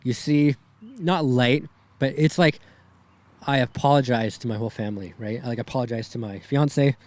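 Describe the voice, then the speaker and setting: A man's voice: mid-range voice, moderate pace, a little mellow. A young man, a podcast guest, telling a personal story in a rambling way, shaken and close to tears, often adding "right?" and "man".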